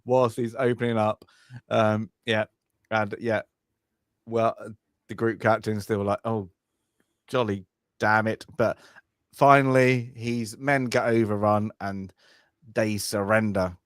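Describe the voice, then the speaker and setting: A man's voice: fairly low pitch, fairly even intonation, slow pace, long pauses, clear, resonant tone, no echo, studio quality. A man co-hosting a film club, chatting casually and rambling, often laughing and acting out lines from the film.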